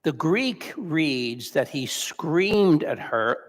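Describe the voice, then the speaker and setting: A man's voice: fairly high pitch, lively intonation, slow pace, hardly any pauses. A male pastor giving a sermon in a church, telling the story in a conversational way and correcting himself as he goes. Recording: long church reverb.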